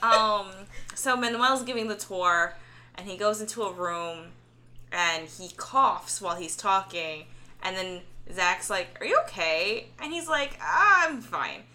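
Bright-voiced woman in casual chat. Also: medium pitch, unhurried. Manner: animated retelling with quoted voices. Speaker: podcast co-host. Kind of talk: casual chat recapping a show.

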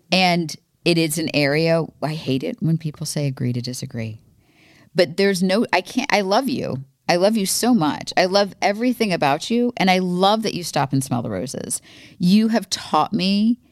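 Low-voiced woman, earnest and heartfelt. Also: no echo, clean studio sound. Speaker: podcast co-host. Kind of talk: candid conversation with her husband.

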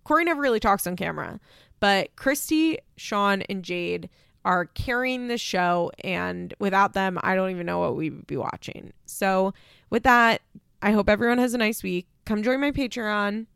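A woman's voice: mid-range voice, animated, normal speed, gravelly, fairly bright tone, clear, resonant tone, no room sound, studio quality. A young adult woman hosting a podcast, chatting casually and sarcastically through a reality-TV recap with lots of rhetorical questions. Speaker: podcast host.

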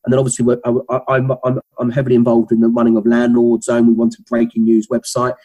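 A man's voice: mid-range voice, monotone, fast talker, mellow, rough recording. A middle-aged man with a Cockney accent, a company founder chatting as an interview guest, rambling with many restarts. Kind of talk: casual interview talk.

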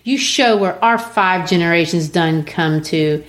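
A woman's voice: fairly low pitch, measured pace, close to an everyday voice. A woman reading the firm, grave lines of a dignified older mother from a play. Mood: stern.

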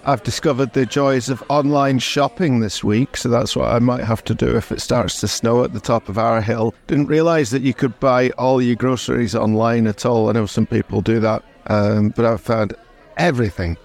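A man's voice: on the low side, a little mellow. Rambling, chatty male podcast co-host. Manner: rambling, chatty, swears cheerfully. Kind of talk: casual comedic chat.

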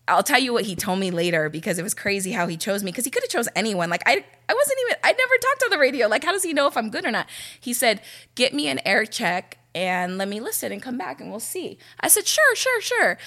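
A young woman from Los Angeles telling stories about her radio career in a casual, animated way, full of "like" and quoted dialogue. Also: lowish voice. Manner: animated, chatty, heavy use of "like". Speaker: radio personality, guest. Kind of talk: casual storytelling.

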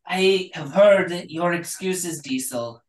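A man's voice: fairly high pitch, slow pace, voice pushed up. A man voicing a harsh, scarred woman general who coldly berates a failing soldier, in a roomy recording from a distant mic. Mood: berating. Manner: cold, berating.

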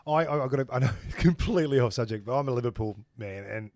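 An Australian man co-hosting a casual podcast, telling a lively story. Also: mid-range voice, quick pace, dry recording, studio quality. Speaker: podcast co-host. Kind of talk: casual chat.

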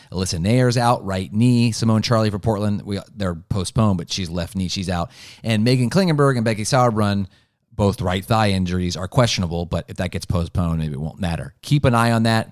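A man's voice: fairly low pitch, no room sound, studio quality. A man co-hosting a casual sports podcast, rambling with lots of "like" and "um" as he runs through picks. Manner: rambling, full of "like" and "um". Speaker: podcast co-host.

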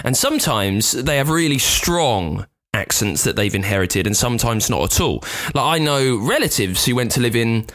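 British male podcast co-host, mid-pitched, dry close sound. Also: normal speed, hardly any pauses, no room sound. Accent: British English. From England. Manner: animated, musing and chatty. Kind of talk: casual chat.

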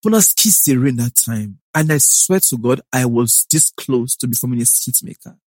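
A Nigerian man hosting a casual chat, animated and mixing pidgin into his English, laughing often. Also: medium pitch, normal speed, no room sound, studio quality. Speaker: podcast host and content creator.

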